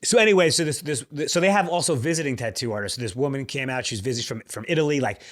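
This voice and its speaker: A man co-hosting a podcast, telling a story in casual chat, animated and laughing often. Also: mid-range voice, rapid-fire. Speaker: podcast co-host.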